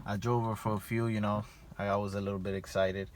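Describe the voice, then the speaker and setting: A man's voice: on the low side, little pitch movement, fast, slight background noise. A young man vlogging casually at home, rambling with lots of fillers as he talks about his car. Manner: rambling, filler-heavy, keeps saying "and yeah". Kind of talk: casual vlog talk. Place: outdoors at home, yard and car.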